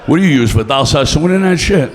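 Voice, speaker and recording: A man's voice: on the high side, lively intonation, fast, a little hiss or hum. A man doing stand-up, brash and profane, teasing the crowd. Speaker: stand-up comedian. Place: comedy club stage. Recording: long reverb of a club room.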